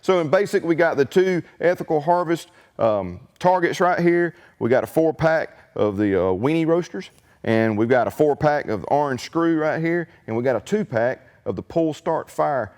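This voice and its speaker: A man, hosting a casual unboxing video in a folksy, excitable, colloquial way. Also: on the high side, normal speed, in a large hall. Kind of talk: casual product unboxing chat.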